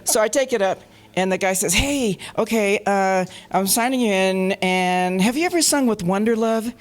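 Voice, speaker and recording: A woman from Colorado, a panel guest, telling anecdotes in a lively way, laughing often and acting out the voices of the people she quotes. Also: medium pitch, normal speed. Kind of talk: anecdotal storytelling. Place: festival panel stage.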